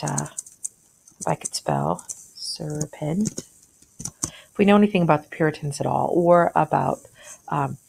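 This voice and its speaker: A woman's voice: sits low, creaky, darkish tone. A woman teacher walking through a short story in a conversational way, thinking aloud and asking questions as she annotates.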